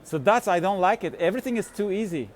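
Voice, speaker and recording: A man's voice: high voice, expressive, quick pace. Rambling man vlogging on a city street. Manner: rambling, many fillers and restarts, laughs often. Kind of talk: casual walking vlog. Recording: faint street noise.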